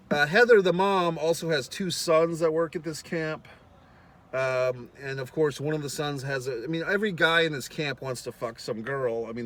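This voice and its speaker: A man casually recapping a movie in a rambling, profane way, with lots of fillers and quick acted-out lines. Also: medium pitch, a bit bright. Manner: acts out characters' lines in quick voices. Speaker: film reviewer.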